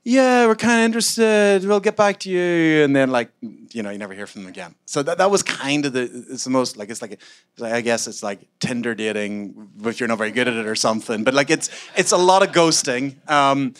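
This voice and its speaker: A man from Scotland, a startup founder, answering onstage interview questions in a rambling, animated way full of fillers and self-mocking asides. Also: medium pitch, brisk. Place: event room with a live audience.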